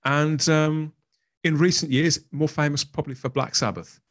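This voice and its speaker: A middle-aged man with a Birmingham accent, a guest on a podcast, chatting in an animated, jokey way. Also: on the high side, moderate pace. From England. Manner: animated, jokey, laughs easily. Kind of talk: casual chat.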